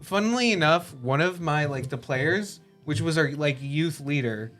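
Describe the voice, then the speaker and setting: A man's voice: a little high, lively intonation, normal speed, fairly bright tone, faint music behind. A young man from Minnesota, talking casually and hesitantly with many fillers as he tells a story. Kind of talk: casual chat.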